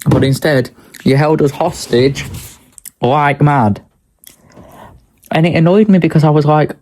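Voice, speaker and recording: A man's voice: a little high, unhurried, long pauses, darkish tone. Young man ranting in a vlog. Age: young adult. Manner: ranting, blunt, sweary. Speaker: vlogger. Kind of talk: casual daily vlog.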